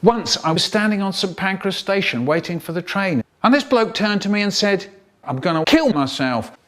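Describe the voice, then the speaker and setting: A man's voice: high voice, moderate pace, fairly bright tone. A man telling comic stories in a theatrical, playful way and acting out the characters. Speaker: storyteller. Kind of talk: comic storytelling.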